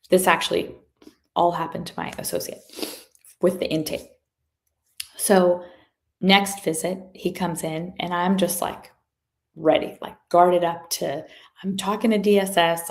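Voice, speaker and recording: Gravelly low-voiced woman telling a story. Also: a little slow. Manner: animated, acts out quoted voices. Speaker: guest speaker, chiropractor. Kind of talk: motivational storytelling talk.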